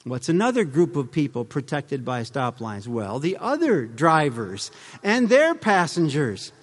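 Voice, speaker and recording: A man's voice: fairly high pitch, very animated, unhurried, in a large hall. A middle-aged man addressing a live audience in a conversational way, with rhetorical questions and humorous asides.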